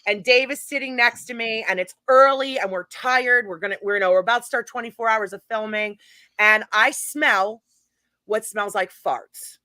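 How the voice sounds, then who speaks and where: A middle-aged woman chatting as a guest, her voice forceful and a little high. She spins a story in an animated, chatty way, and the sound is dry and close. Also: normal speed, no echo. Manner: animated, chatty anecdote-telling with laughs. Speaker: guest, paranormal event organizer. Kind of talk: casual storytelling chat.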